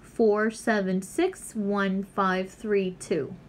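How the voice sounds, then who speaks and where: A woman teacher recording a lesson, slowly and patiently explaining each answer step by step. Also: mid-range voice, fairly even intonation, a little hiss or hum. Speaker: English teacher.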